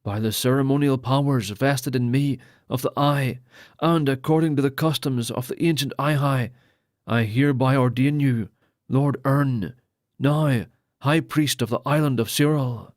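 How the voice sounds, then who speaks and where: Man doing a solemn male lord, formal ceremonial speech, middle pitch, dry sound. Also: measured pace, dry recording, natural voice.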